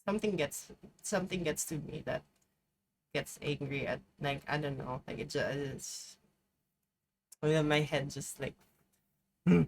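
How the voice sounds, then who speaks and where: A woman streaming live, reacting to a video in casual, profane commentary with sudden loud outbursts and chanted repeats. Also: low voice, a little slow, long pauses, slight background noise.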